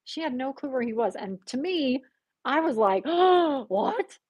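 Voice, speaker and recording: A woman guest on a podcast telling a personal story in conversation, animated and acting out the voices she quotes with gasps. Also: high voice, moderate pace, slightly rough, dry recording.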